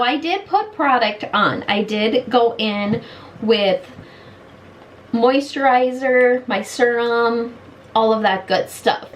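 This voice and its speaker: A woman in her late thirties vlogs a makeup review from her bedroom, her voice fairly high and her words slow and drawn out. She sounds blunt and exasperated, and a faint hiss sits under the camera mic. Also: low-quality recording. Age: late 30s. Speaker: beauty vlogger. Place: bedroom at home.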